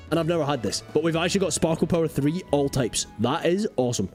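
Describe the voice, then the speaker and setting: A young man chats through a live game stream, jumping from story to joke and talking straight to his viewers. His voice swings widely in pitch, animated and loose, with a faint bed of music under him. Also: fast talker. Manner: animated, rambling, jokey, talks to chat. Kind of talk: live gameplay commentary.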